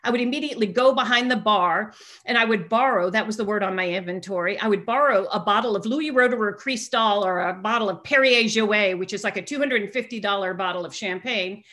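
Bright-voiced woman telling a candid story. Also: medium pitch, a little fast. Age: middle-aged. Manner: candid, self-deprecating, storytelling with humor. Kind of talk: personal recovery story told to a group.

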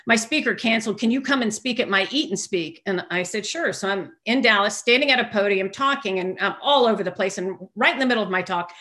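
Woman, recovery speaker, lively storyteller who does the voices in her anecdotes. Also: medium pitch, fast talker, hardly any pauses. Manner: animated storyteller who acts out quoted voices. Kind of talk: personal recovery talk to an audience.

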